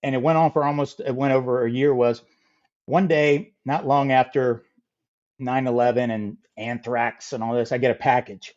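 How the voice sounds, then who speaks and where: Man, middle-aged, podcast guest, animated storyteller, mid pitch, muffled audio. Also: normal speed. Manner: animated, acts out quoted voices. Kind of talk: casual storytelling.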